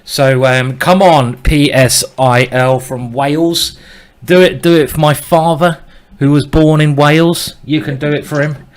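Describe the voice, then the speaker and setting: A man hosting live chess commentary in a casual, excitable way, urging the players on. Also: fairly high pitch, measured pace.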